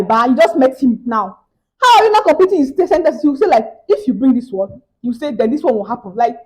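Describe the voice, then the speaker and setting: A young Nigerian woman with a Nigerian English accent, chatting to her viewers in a casual vlog. Her voice sits a little on the high side. She tells her story animatedly, jumping from loud exclamations to hushed asides. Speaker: vlogger.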